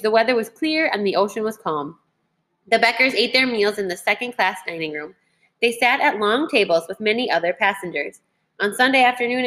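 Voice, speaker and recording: A woman teacher reading a children's history book aloud in a clear, measured way. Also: mid-range voice, a bit bright.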